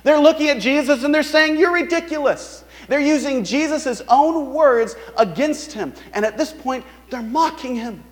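A man's voice: moderate pace, hardly any pauses, long reverb tail. A man preaching a sermon in an earnest, emphatic way. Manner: earnest, emphatic preaching, voices the mockers in a higher sneering tone. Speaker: pastor.

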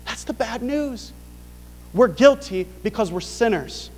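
A man's voice: very high-pitched, expressive, unhurried, long reverb tail, soft background music. A male pastor preaching a sermon, pressing his point with rhetorical questions.

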